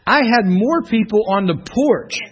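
A middle-aged man, a pastor teaching a class in a church room, telling stories in an animated way and often laughing. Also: high-pitched, unhurried, husky, lo-fi sound. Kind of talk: preaching to a class. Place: church classroom, streamed online.

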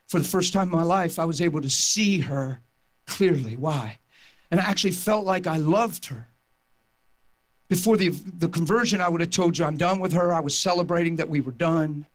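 Impassioned high-voiced male preacher. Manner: impassioned storytelling, rising to near-shouting. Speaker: pastor. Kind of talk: sermon testimony.

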